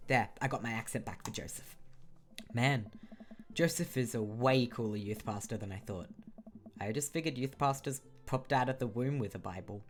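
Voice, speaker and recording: A man's voice: medium pitch, moderate pace, soft background music. A man from Australia doing casual, self-mocking commentary while playing through a game. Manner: casual, self-mocking asides about his accents.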